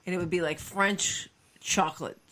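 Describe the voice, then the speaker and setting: A woman co-hosting a podcast, quick to react and tease in casual banter. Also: on the low side, steady tone, a bit bright. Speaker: podcast co-host.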